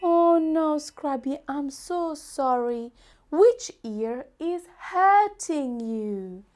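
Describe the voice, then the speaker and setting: A woman hosting a preschool lesson as a doctor, speaking gently in a slow, exaggerated, sing-song way. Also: sits high, lively intonation. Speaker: children's show host, doctor.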